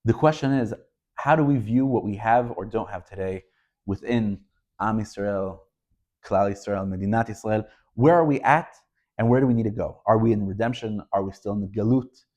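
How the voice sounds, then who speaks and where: A man's voice: fairly low pitch, moderate pace, darkish tone. A man, a rabbi, teaching a Torah lesson, speaking emphatically and pressing rhetorical questions as he tells stories. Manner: storytelling delivery.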